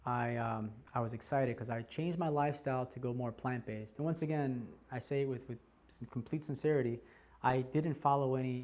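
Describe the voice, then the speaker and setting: A man in his forties teaching a class by telling his own story, animated and laughing often. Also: medium pitch. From United States. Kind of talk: personal storytelling talk.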